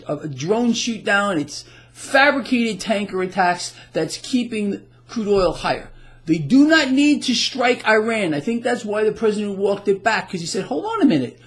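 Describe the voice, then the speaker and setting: A man delivering heated solo market commentary, agitated and emphatic, often repeating himself as he rants. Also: high-pitched.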